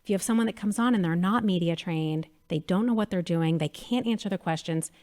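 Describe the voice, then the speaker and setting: A woman in her thirties, a media company president chatting as an interview guest, telling lively stories and acting out quotes. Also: fairly low pitch, fairly quick. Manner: animated storyteller, acts out quotes. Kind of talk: casual interview chat.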